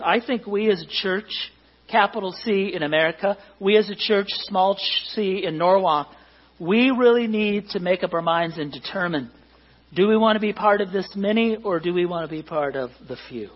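A middle-aged pastor preaching in a church hall, conversational and joking with the congregation. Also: male voice, high voice, animated, moderate pace, husky, muffled recording. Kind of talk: sermon.

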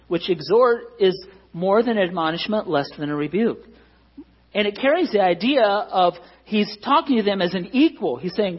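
A man's voice: sits high, expressive, normal speed, slightly rough, muffled recording. A man preaching a sermon as pastor, earnest and emphatic, pressing his points with rising stresses.

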